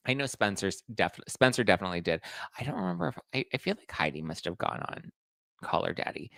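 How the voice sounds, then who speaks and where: A man's voice: on the low side, sing-song, fast talker, vocal fry, pushed and bright, no echo. A man giving casual celebrity gossip commentary, retelling stories in a chatty way. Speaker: pop culture commentator.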